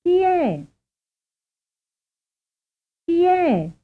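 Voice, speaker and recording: A woman with a high voice saying short drill phrases slowly and deliberately. Her pitch swoops widely to show each intonation pattern. The sound is thin and narrow, like a phone line. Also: big pitch swings. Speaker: model speaker in a language drill. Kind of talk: slow repeated drill examples. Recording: tinny narrow-band recording.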